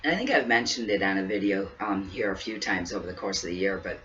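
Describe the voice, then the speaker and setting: A woman's voice: rumbling low, expressive, quick pace, a bit bright. A woman in her fifties chatting earnestly to camera as a vlogger, repeating herself and laughing briefly now and then, seated indoors. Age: 50s. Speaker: weight-loss vlogger. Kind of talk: casual talk to camera. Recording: distant mic, dull lo-fi sound, faint hiss.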